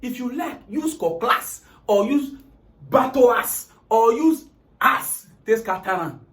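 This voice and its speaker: A man with a Nigerian Pidgin accent, retelling a story comically in an animated, dramatic way. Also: extremely high pitch, slow.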